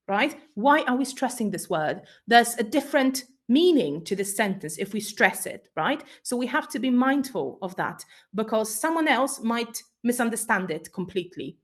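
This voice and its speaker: A woman whose first language is Polish, giving a conference talk on pronunciation to teachers, explaining patiently and checking in often. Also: mid-range voice. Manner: explanatory, checks in with frequent "right?". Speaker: teacher trainer.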